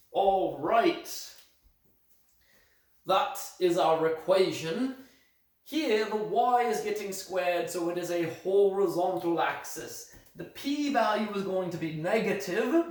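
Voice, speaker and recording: Man doing a mock British math teacher, slow and higher-pitched, phone at a distance in an echoey room. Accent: put-on British accent. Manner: steady step-by-step explaining, correcting own slips. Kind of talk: recorded remote lesson.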